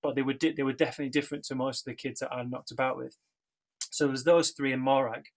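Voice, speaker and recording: A man's voice: medium pitch, steady tone, fast talker. A middle-aged man, sharing his life story casually, rambling with many fillers and restarts. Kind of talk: casual personal testimony.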